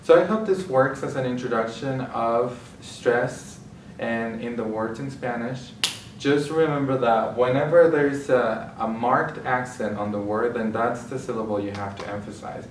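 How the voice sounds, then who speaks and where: A man's voice: medium pitch, a little slow, slight background noise. A man patiently explaining a language lesson step by step, correcting himself as he goes. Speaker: Spanish teacher. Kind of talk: classroom explanation. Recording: echoey room, mic far off.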